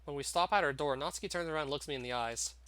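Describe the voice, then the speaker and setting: A man's voice: a little high, rapid-fire, fairly bright tone, dry recording. A man reading a visual novel aloud in a dramatic first-person narration. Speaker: game narrator, YouTuber.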